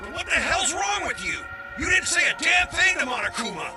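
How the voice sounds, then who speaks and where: An actor playing a hot-headed young man from a video game, shouting and scolding. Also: extremely high pitch, sing-song, a little fast, over music. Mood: angry. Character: hot-headed young male astronaut student, brash.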